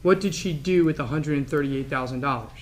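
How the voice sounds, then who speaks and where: Male attorney, higher voice, short and plain courtroom questions. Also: a little fast, slight background noise. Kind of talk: courtroom direct examination.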